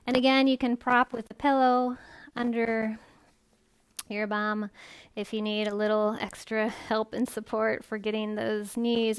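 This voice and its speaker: A woman yoga instructor gently guiding a live-streamed class in a chatty, easygoing way. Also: fairly high pitch, clean tone, no echo. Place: home room, phone camera set far off. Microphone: phone far across the room.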